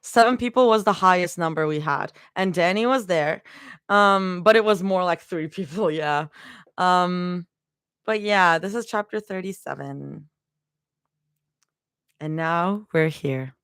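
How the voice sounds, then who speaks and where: A woman's voice: lowish voice, a little slow, fairly bright tone, smooth, no echo, clean studio sound. A young woman chatting casually with her livestream audience, giggling often and rambling between thoughts. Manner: giggly and rambling, talks to chat. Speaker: livestream fanfiction reader.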